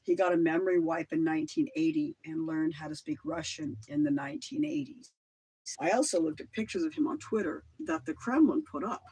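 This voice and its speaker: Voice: medium pitch, a little fast, dark tone, breathy edge, poor audio. A middle-aged livestream host in a casual monologue, rambling between claims and swearing casually.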